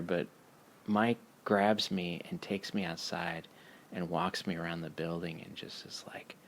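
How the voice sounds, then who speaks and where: A man telling a casual, profane story, laughing as he goes in an animated way. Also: deep voice.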